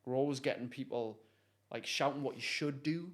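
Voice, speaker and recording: A man tells a story as a guest in a conversation. He is animated and pulls listeners in, with a middle-pitched voice. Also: moderate pace. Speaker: guest, motivational speaker.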